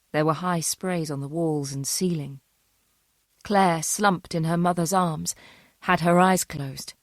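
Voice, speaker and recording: A woman reading a thriller audiobook in a measured, tense way. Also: deep voice, no room sound, studio quality. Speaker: audiobook narrator. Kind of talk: scripted narration of a thriller.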